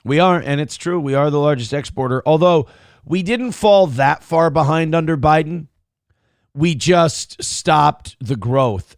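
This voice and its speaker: A man's voice: mid-range voice, no room sound, studio quality. A man from Minnesota hosting an internet morning show, reading viewer donations aloud and riffing on the news in a crude, blunt, sarcastic way. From Minnesota, USA.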